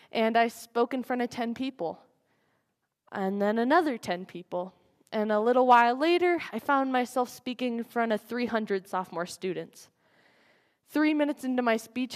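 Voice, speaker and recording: A woman giving a dramatic recited speech at a school program, swinging between forceful declarations and hushed, quiet lines. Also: on the high side. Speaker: student speaker at a school program.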